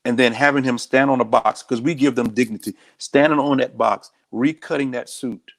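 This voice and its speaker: Guy, sheriff being interviewed, blunt and earnest, mid-pitched voice. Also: steady tone, normal speed, creaky. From United States. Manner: direct, earnest storytelling. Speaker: county sheriff, guest. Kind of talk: candid interview talk.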